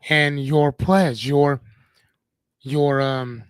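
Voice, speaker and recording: A man's voice: mid-range voice, fairly even intonation, very slow, smooth, no room sound. A man hosting a live-streamed motivational talk, speaking casually, swearing freely and often checking in with "right?". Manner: casual, profane, keeps asking "right?".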